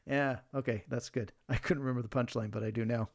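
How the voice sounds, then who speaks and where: A man's voice: mid-range voice, steady tone, fast. A man hosting a casual livestream, chatting and reading jokes aloud while sleeving trading cards. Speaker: livestream host.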